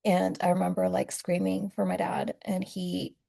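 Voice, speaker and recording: Gravelly young woman telling her story. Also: lowish voice, monotone, normal speed, warm tone. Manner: candid, conversational, many fillers. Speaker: vlogger sharing her testimony. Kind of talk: casual personal testimony.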